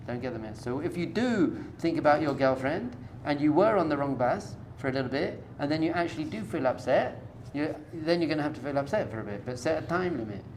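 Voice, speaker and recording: A man's voice: a little high, expressive, brisk, hardly any pauses, background noise. A man, a rabbi, giving an informal spoken lecture to a live group, coaching them directly with everyday analogies in a conversational tone. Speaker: rabbi teaching a class.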